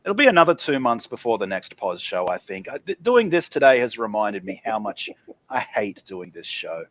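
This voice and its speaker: A man's voice: fairly low pitch, sing-song, moderate pace, a bit bright, dull audio. A man hosting a live call-in stream show, exasperated and profane. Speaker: host.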